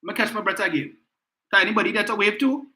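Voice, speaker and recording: A man's voice: sits high, fast talker, bright, forceful tone, voice pushed up. Frail older woman, breathless and fussy, mocked by a male host. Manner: breathless, fussy, step-by-step mocking. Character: frail older woman politician needing help walking.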